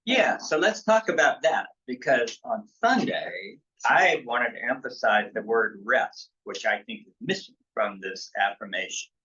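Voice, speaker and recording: A man, a pastor, leading a casual church book-study discussion, relaxed and chuckling often between thoughts. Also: medium pitch, unhurried, few pauses. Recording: dull lo-fi sound.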